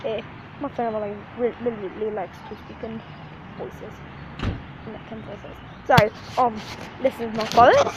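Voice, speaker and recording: A woman's voice: a little high, fairly even intonation, normal speed. A woman chatting playfully into her phone for a casual vlog, her voice swinging up and down as she talks. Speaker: vlogger. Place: home under remodeling, then outdoors in rain. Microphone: phone held in hand. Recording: muffled noisy phone recording.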